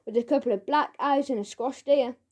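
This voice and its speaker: A woman reading a children's audiobook, voicing an older schoolboy who teases his friend in a brisk manner. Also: high-pitched, darkish tone. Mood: teasing.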